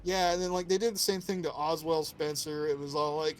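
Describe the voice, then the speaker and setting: A man co-hosting a casual podcast about a video game, animated, swearing freely and acting out character quotes. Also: sits high, fast, few pauses, rough recording. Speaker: podcast co-host.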